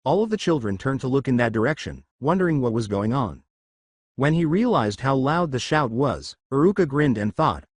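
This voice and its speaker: A man narrating a fan fiction story aloud in a steady reading manner. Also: mid-range voice, moderate pace, no echo, clean studio sound.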